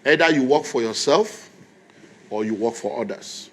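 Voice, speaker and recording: A man's voice: medium pitch, moderate pace. Give me a man preaching a sermon, emphatic and conversational. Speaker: pastor.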